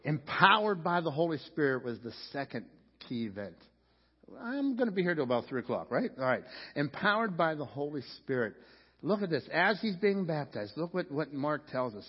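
In a church sanctuary, a male pastor delivers a sermon in a fairly high, husky, very animated voice at normal speed. He talks loosely and conversationally, often restarting sentences and repeating words as he begins them. The recording sounds dull, with the long reverb of a church hall.

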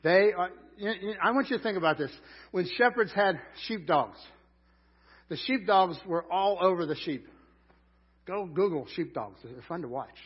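A man preaching a sermon in a conversational way, rising loud on scripture lines. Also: high voice, expressive, normal speed, breathy edge, muffled recording. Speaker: pastor.

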